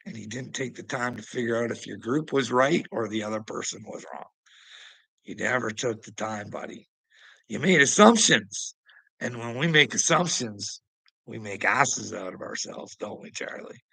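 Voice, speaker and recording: A man delivering a preachy, taunting rant at a rival, laughing mockingly, swearing, and swinging between loud outbursts and low mutters. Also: expressive, moderate pace, vocal fry, slightly rough, no echo, poor audio. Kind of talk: ranting monologue to a rival streamer.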